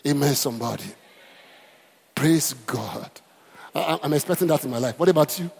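A man's voice: a little high, moderate pace, vocal fry, darkish tone, breathy edge, big-room sound. A man preaching a sermon, emphatic and repetitive, calling out to the congregation. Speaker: pastor.

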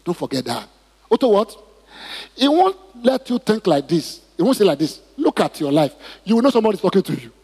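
Husky preacher man. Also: sits high, big pitch swings, fairly quick, mellow. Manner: preaching with call-and-response questions. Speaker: pastor. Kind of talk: sermon. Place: church. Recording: reverberant hall.

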